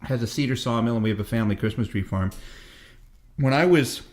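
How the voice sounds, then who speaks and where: This guest, a man in his fifties from Canada, is a musician who rambles through stories and curses freely in a laid-back interview. His medium-pitched voice is a little mellow and a little fast.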